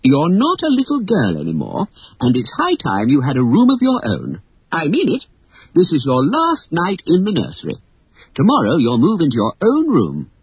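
A narrator voicing a blustering, exasperated Victorian father who shouts at his children. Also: medium pitch, huge pitch swings, normal speed, breathy edge, no room sound, voice pushed up, exaggerated voice. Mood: stern lecturing.

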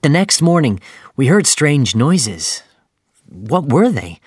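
A man reading a story aloud in the first person with steady scripted narration. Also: mid-range voice, takes it slowly, husky, no room sound, studio quality. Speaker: audiobook narrator.

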